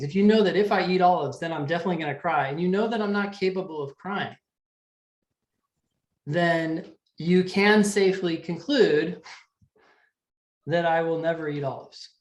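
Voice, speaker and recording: Man teaching in an echoey room. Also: on the high side. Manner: conversational, checks in with "right?". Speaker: LSAT teacher. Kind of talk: live class lecture.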